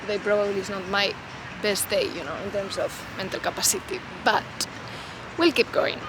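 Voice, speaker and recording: A woman's voice: mid-range voice, fairly even intonation, normal speed, heavy background noise. A woman vlogger talking unscripted to camera outdoors, in a loose, reflective way full of "you know" and "like".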